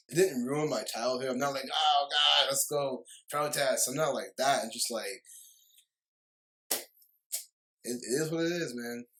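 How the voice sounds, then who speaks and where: A man's voice: medium pitch, poor audio. A young man delivering a heated, rambling movie review rant, often stumbling over his words and apologizing. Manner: heated, repetitive ranting with frequent apologies. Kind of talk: ranting video review.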